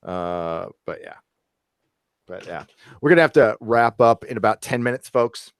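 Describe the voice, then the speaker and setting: A man's voice: lowish voice, animated, measured pace, clean tone, dry recording, studio quality. A man hosting a casual live-stream podcast, chatty, laughing often and swearing casually. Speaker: podcast host.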